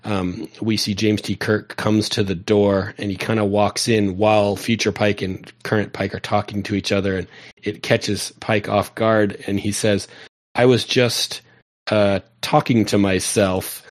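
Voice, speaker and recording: A man's voice: on the low side, little pitch movement, moderate pace. A man casually recapping a TV episode with a friend, talking in loose, filler-heavy sentences. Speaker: podcast co-host. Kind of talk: casual discussion.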